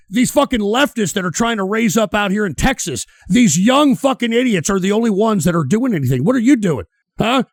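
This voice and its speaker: A man's voice: high-pitched, no room sound. A man streaming, reacting to clips with heated, sneering, swear-filled ranting. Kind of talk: profane ranting commentary.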